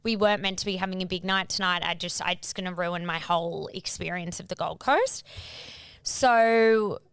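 A woman's voice: lowish voice, moderate pace, fairly bright tone, clear, resonant tone, no echo. A woman co-hosting a podcast, telling a story in casual chat, swearing freely and acting out quotes. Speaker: podcast co-host.

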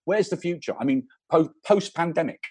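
An English man hosting a podcast, chatty and quick to laugh as he asks the questions. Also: a little high, lively intonation, a little mellow, breathy edge. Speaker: podcast host. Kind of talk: casual podcast interview.

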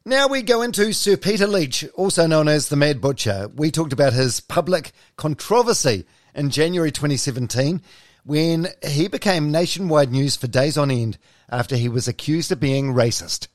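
A man's voice: a little high, expressive, moderate pace. Kiwi guy hosting a podcast, casual, friendly, stammers a lot. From New Zealand. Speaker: podcast host. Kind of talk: casual interview chat.

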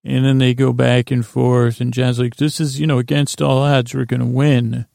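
A man with a heavily creaky, gravelly voice retells an episode in a rambling, unhurried way. His delivery stays flat and even, and he trails off into fillers as he goes. The sound is close and dry, with no room around it. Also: mid-range voice, dry recording. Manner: meandering, loose retelling with many fillers. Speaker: podcast host. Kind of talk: rambling bedtime episode recap.

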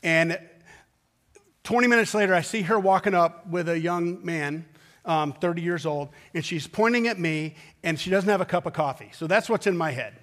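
A middle-aged male pastor with a notably high voice, preaching through a personal story. He talks in a relaxed, conversational way and drives his points home with rhythmic repetition. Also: moderate pace. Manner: anecdotal and emphatic, with rhythmic repetition.

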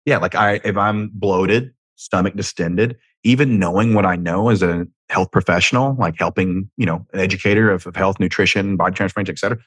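Recording a casual solo podcast at home, a deep-voiced, husky American man with a slight Southern twang talks at normal speed, a bit bright, with hardly any pauses. He swears freely, jokes about himself, and drifts into frequent tangents. The audio is close and dry, with no room sound.

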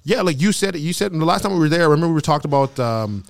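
Lively rambling man, quick talker. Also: a little high, creaky, no echo. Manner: rambling, trails off, swears casually. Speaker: podcast co-host. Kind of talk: casual chat.

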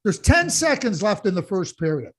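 A man co-hosts a casual sports podcast, ranting with passion and repeatedly restarting and doubling back on words. His high voice is sing-song at a moderate pace.

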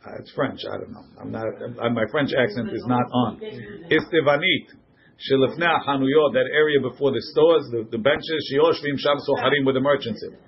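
A man's voice: mid-range voice, normal speed. A man teaching a Talmud class, reading Hebrew and Aramaic phrases aloud and translating each one into English for his students in a classroom. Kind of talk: classroom Gemara lesson. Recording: muffled lo-fi classroom recording.

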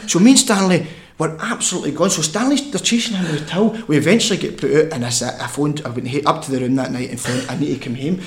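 A man's voice: on the high side, fast talker. A Scottish man telling a funny story as a podcast guest, laughing and swearing as he goes. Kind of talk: casual storytelling.

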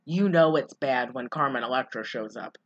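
A woman in casual chat, recapping a movie in a rambling, giggly way and putting on quick voices for the characters. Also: extremely low pitch, highs cut off. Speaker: podcast co-host recapping a movie.

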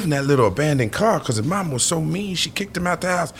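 A man, an actor and podcast guest, telling an animated story full of swearing and acted-out voices. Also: fairly high pitch, fast talker, creaky, hardly any pauses, slight background noise. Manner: vivid, profane, acts out the characters.

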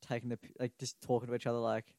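Teasing sweary podcast co-host. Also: male voice, mid-range voice, monotone, fast talker, warm tone, no room sound, studio quality. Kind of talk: casual chat.

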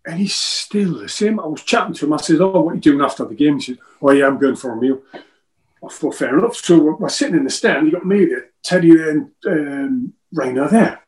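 A man's voice: on the high side, lively intonation, a little fast, a little mellow, rough recording. Chatty man in his fifties. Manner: rambling, joking, repeats himself. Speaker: former footballer guest. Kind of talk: casual interview chat.

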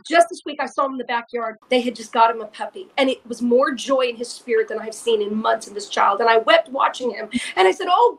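A woman co-hosting a faith podcast, telling an animated personal story and repeating phrases for emphasis. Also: sits high. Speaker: podcast co-host. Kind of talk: casual chat, storytelling testimony.

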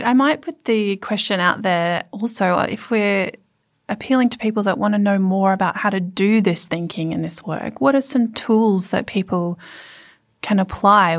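A woman's voice: mid-range voice, vocal fry. A woman hosting a podcast panel, putting loosely phrased, conversational questions to her guests. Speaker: podcast host.

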